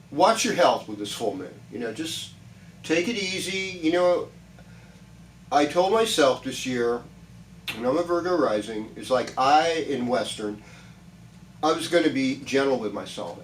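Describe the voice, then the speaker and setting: A man's voice: medium pitch, reverberant, distant mic, slight background noise, rough recording. A man giving a chatty, reassuring weekly horoscope talk, rambling with many restarts. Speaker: astrologer.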